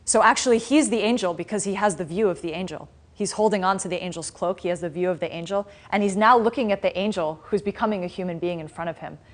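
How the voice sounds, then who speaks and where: A woman spiritual teacher giving a dharma class, retelling a story in a conversational, animated way with frequent restarts. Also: on the low side, quick pace, few pauses. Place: class in a meditation center.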